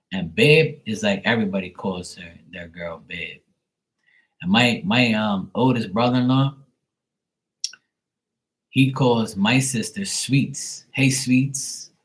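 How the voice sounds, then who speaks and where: He talks a little slowly, fairly low in pitch, pausing often. A man in his forties from Bermuda who runs a tarot reading livestream, he goes on a loose, foul-mouthed rant, acting out both voices in phone calls for laughs.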